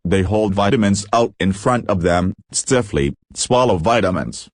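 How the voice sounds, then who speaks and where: Male audiobook reader, low, dry, steady narration. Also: unhurried, no echo. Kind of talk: scripted narration of stage directions.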